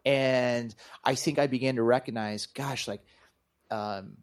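A man's voice: mid-range voice, steady tone, unhurried. A man who is a pastor and author, talking earnestly and reflectively as an interview guest. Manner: earnest, reflective, speaks in spiritual terms. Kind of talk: reflective conversation.

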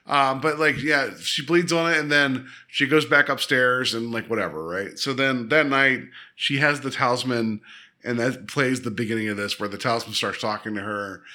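A man co-hosting a podcast, casually and animatedly retelling an episode with lots of quick asides. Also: mid-range voice, bright, forceful tone. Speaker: podcast co-host. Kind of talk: casual chat.

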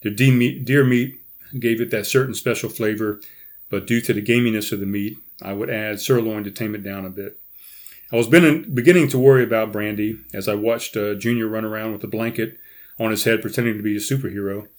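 Brief: male podcast host reading his memoir, dramatic, animated, with dropped-voice asides. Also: a little fast. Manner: animated, pitch jumps up in quoted dialogue, quiet asides.

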